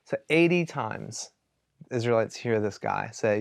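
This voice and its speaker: A man, a worship pastor, teaching in a casual, animated storytelling way and retelling scripture stories with everyday fillers. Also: fairly low pitch, measured pace, creaky, dry recording, clean studio sound.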